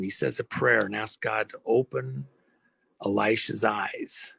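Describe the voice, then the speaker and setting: A man's voice: on the low side, steady tone, unhurried, creaky, pushed and bright, breathy edge, no echo. A man giving an impassioned interview, speaking emphatically with rhetorical questions and a preachy tone. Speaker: interview guest.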